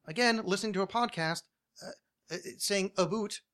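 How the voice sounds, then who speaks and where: A man hosting a podcast, talking casually and ranting with plenty of swearing. His voice is bright and forceful and sits a little high for a man. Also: brisk. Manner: ranting, swears a lot, many restarts. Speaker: podcast host.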